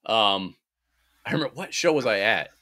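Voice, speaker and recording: A man's voice: on the low side, expressive, normal speed, sharp tone, no echo. A podcast host in casual chat, rambling and swearing, who breaks into mocking impressions of the people he criticizes.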